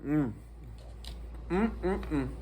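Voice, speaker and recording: New guy ranting on his vlog, husky voice, pitch jumping all over, swears a lot. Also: drawn-out words. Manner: profane, animated storytelling. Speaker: internet personality.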